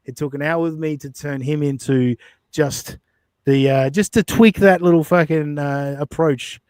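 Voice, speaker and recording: A man's voice: fairly high pitch, steady tone, measured pace, a little mellow, clean tone, no room sound. Blunt, profane male podcast host. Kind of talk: casual commentary chat.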